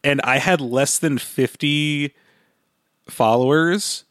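A man co-hosting a podcast in casual chat, rambling and excitable, with sarcastic asides. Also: fairly high pitch, slow, no room sound, clean studio sound. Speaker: podcast co-host.

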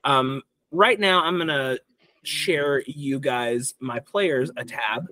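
A young man narrating as dungeon master, explaining choices in a relaxed, rambling way. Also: mid-range voice, takes it slowly, dry recording. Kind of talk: narrating a tabletop game.

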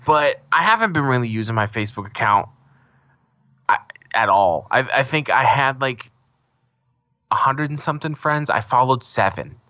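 A man from the Southwest co-hosts a loose podcast, swearing freely and throwing himself into the voices of the people in his stories. His voice is bright and forceful, recorded close and dry. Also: mid-range voice, normal speed, long pauses, no echo, dull audio. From American Southwest. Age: adult, married. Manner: profane, animated storytelling with acted-out quotes. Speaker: podcast co-host. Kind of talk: casual podcast banter.

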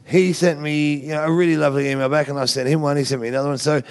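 A man's voice: fairly high pitch, fairly even intonation, very fast, creaky, a crowd in the background. An Australian man, a guest comedian, telling rambling, profane stories in casual podcast talk and laughing through them.

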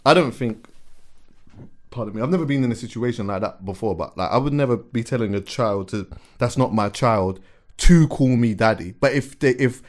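A man hosting a podcast in casual chat, telling stories in an animated way and often repeating words as he gathers his thoughts. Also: medium pitch, normal speed. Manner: animated storyteller, repeats words while thinking, laughs as he tells stories. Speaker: podcast host.

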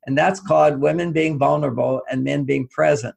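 An older man, an author guest on an interview, telling stories in an animated way and acting out quoted dialogue. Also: on the high side, fairly quick, vocal fry. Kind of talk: conversational storytelling interview.

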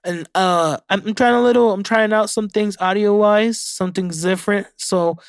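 A young man hosts a casual solo podcast, reading facts out and reacting to them with frequent profanity. His voice sits a little high for a man. The sound is dry and close, with no room around it. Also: fairly even intonation, moderate pace, clean tone, no echo. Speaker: podcast host.

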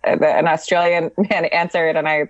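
A woman co-hosting a comedy podcast from a hotel room over a video call, halting and self-deprecating. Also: low-pitched, level tone, no room sound. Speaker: co-host. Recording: dull lo-fi video call audio.

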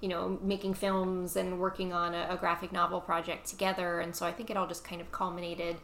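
A woman guest on a podcast, friendly and chatty, quick to laugh as she tells her story. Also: on the low side, completely flat delivery, a bit bright, slight background noise. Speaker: guest, comics editor-in-chief. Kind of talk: casual interview chat. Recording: echoey room.

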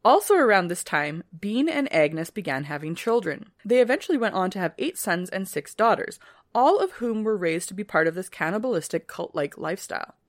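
A woman of middle pitch reading a history story into a close mic. The sound is very dry, with no room around her voice. She keeps a steady reading pace and drops into dry, casual asides. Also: brisk, no room sound. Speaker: podcast co-host.

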